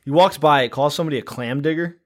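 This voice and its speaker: A man's voice: on the high side, fast talker. A man co-hosting a podcast, chatting casually and making dry, wry remarks. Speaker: podcast co-host. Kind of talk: casual comedic chat.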